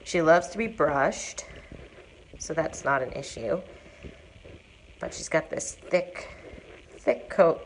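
Low-voiced woman cooing at shelter cats. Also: slow pace, pauses often, a little hiss or hum. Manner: coos to the cats in a high sing-song voice between plain explanations. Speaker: animal shelter manager. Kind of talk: live-streamed shelter tour. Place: cat room of an animal shelter, indoors.

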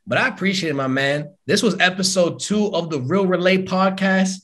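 A man's voice: high-pitched, normal speed, a bit bright. A man hosting a podcast over a video call, talking in a laid-back, profane, bro style. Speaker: podcast host. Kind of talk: casual podcast chat.

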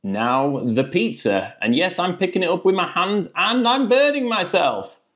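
A man's voice: high voice, sing-song, unhurried, fairly bright tone. A man reviewing frozen food in a jokey, chatty vlog.

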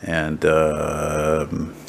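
A man with a deep, gravelly voice rambles casually to a handheld camera, full of fillers and restarts. His voice sits very low, and faint hiss and room ambience run underneath. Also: completely flat delivery, extremely slow, low-quality recording. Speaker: painter vlogger. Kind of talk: casual handheld vlog chat. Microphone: handheld camera mic.

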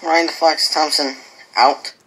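A man's voice: fairly high pitch, steady tone, measured pace, pushed and bright, rough recording. A man with a nasal voice rambling hesitantly in a casual video, full of ums and trailing thoughts. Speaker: small YouTuber in a played clip.

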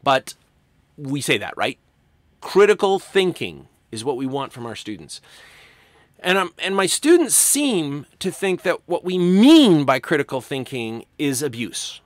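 A male college writing instructor delivers a casual recorded lecture, his pitch swinging freely as he explains. He acts out quoted lines in passing. The sound is dry and close, with no room echo. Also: sing-song, measured pace.

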